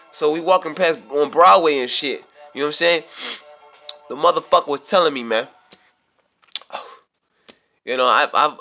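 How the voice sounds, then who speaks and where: A man's voice: a little high, pushed and bright. A man telling a rambling, profane story straight to camera as a vlogger, repeating himself and getting worked up as he goes. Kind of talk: casual storytelling monologue. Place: New York City.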